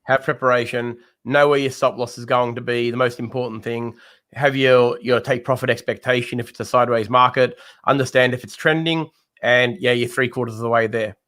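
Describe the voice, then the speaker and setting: A man's voice: mid-range voice, steady tone, a little fast, fairly bright tone. A man co-hosting a live trading show, explaining trading ideas and speaking directly to viewers. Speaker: co-host and trading mentor. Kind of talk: live market analysis chat.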